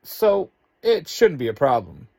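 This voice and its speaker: A man's voice: on the high side, huge pitch swings, measured pace, gravelly, a little mellow, no room sound, heavily acted. A man voicing a proud, nonchalant teenage genius in a storybook reading. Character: nonchalant teen boy genius.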